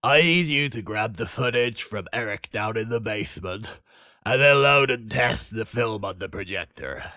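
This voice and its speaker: A man's voice: fairly low pitch, moderate pace, sharp tone, dry recording, studio quality. A man voicing a polite, slightly bossy cinema manager in a game, with a congested, nasal voice.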